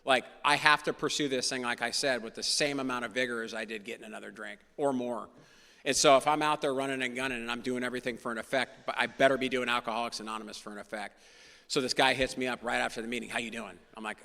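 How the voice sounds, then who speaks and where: A man's voice: mid-range voice, steady tone, quick pace, vocal fry, pushed and bright. A man telling his personal recovery story to a meeting, earnest and emphatic, driving points home by repeating key phrases. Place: meeting hall. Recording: long reverb of a meeting hall.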